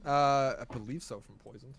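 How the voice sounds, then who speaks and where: A man's voice: medium pitch, fairly even intonation, moderate pace, a bit bright. A man running a tabletop game as game master, laid-back and often chuckling as he talks through the rules.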